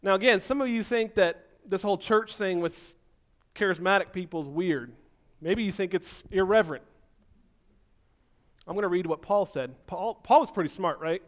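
A man preaching an energetic, animated sermon, so physically active that he sounds out of breath at times. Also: high-pitched, normal speed.

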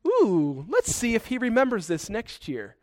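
A man's voice: high-pitched, huge pitch swings, a little slow, dry recording, pitched above the performer's own voice, heavily acted. A man voicing a sly, gloating male Satan who teases in a sing-song way. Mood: taunting.

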